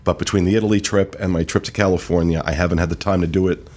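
A man hosting a casual podcast, reading out park news in a relaxed way with many fillers. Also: low voice, very fast. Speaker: podcast host. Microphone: studio mic.

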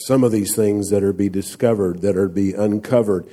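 A man's voice: lowish voice, steady tone, normal speed, hardly any pauses, warm tone, slightly rough. A man preaching a sermon, speaking emphatically and asking the congregation rhetorical questions. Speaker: pastor.

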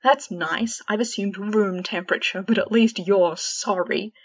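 A woman voicing a shape-shifting creature in the form of a dead young man, bitter, loud and taunting. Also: mid-range voice, measured pace, slightly rough, lo-fi sound. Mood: scornful.

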